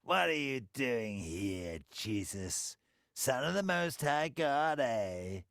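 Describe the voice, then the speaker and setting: A rasping, semi-human demon, put on by a male narrator, speaks in a gravelly, creaking voice. The words crawl out slowly and sneer, and the sound is dry and close with no room around it. It is a possessed creature in an audiobook. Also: sing-song, a bit bright, no echo, exaggerated voice. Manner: slow and sneering, breaking into shrill pleading. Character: rasping male demon legion, cowering and wheedling. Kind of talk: audiobook character voice.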